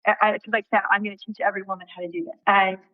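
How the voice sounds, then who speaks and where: A woman guest in an interview, telling a personal story in an animated way and acting out what people said, with casual swearing. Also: mid-range voice, rapid-fire, no room sound, phone-quality sound.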